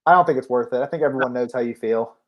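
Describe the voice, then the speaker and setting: A man co-hosting a casual comic book chat, talkative and quick to laugh, often restarting his sentences. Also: mid-range voice, dull audio. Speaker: podcast co-host.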